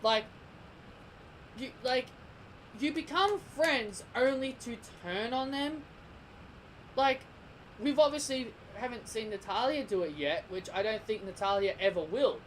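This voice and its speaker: A man's voice: very high voice, measured pace, long pauses, a little hiss or hum, rough recording. A young man giving a heated, opinionated commentary rant as a vlogger, repeating himself and restarting sentences. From Australia. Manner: heated, repetitive, stumbling restarts. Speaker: wrestling vlogger.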